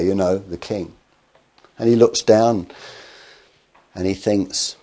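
A man's voice: on the low side, fairly even intonation, takes it slowly, pauses often, mellow. A man preaching a sermon, telling stories with acted quotes and rhetorical questions.

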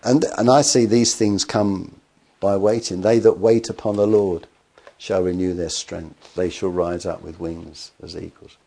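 A man's voice: deep voice, steady tone, unhurried, vocal fry, warm tone. A man preaching a sermon, telling stories with acted quotes and rhetorical questions.

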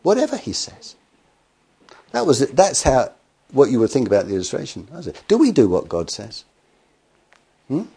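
A man delivers a sermon in an easy storytelling manner. His voice sits in a middle pitch, and he breaks into lively acted quotes and pointed questions to the congregation. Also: normal speed, vocal fry, pauses often, husky. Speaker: preacher.

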